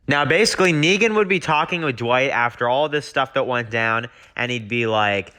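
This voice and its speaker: A man's voice: mid-range voice, normal speed, hardly any pauses, sharp tone. A man reviewing a TV show, casually recapping his rewrite of an episode and full of fillers. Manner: rambling, many fillers like basically and you know.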